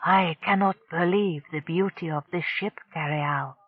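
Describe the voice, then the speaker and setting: The narrator voicing a timid, gentle alien mother in an audiobook. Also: mid-range voice, measured pace, husky, dry recording, narrow, tinny audio. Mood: awed. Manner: timid, wondering. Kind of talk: audiobook character voice.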